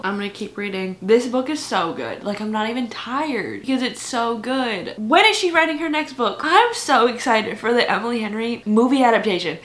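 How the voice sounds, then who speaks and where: A woman's voice: fairly high pitch, expressive, moderate pace, few pauses, a bit bright, a little hiss or hum. A young woman chatting casually to camera in a book vlog, gushing and giggly, with lots of fillers. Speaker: book vlogger.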